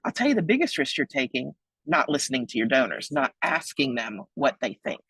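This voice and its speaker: A woman in her forties giving a lively webinar talk, joking and chatty, with big excited leaps in her voice. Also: brisk, slightly rough, no room sound, poor audio. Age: 40s. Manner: playful, joking, chatty asides; big excited pitch jumps. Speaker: webinar presenter on donor relations.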